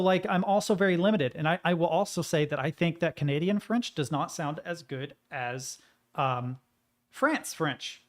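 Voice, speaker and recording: A young man chats loosely while he plays a game, drifting from thought to thought. His voice sits a touch higher than most men's, and he drops the odd curse without much weight behind it. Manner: rambling, musing, swears casually. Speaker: gaming streamer. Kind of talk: casual gaming commentary.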